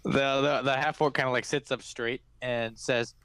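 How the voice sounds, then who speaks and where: A man narrating a tabletop game as game master, with halting, filler-heavy delivery. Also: medium pitch, fairly even intonation, fairly bright tone, smooth, dry recording.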